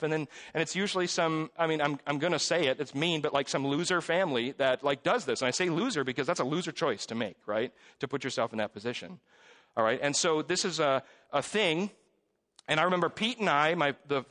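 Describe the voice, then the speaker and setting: A man in his forties, a pastor, preaching a sermon in a church in a conversational, animated storytelling way with self-deprecating jokes. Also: mid-range voice. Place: church sanctuary. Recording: long reverb of a church hall.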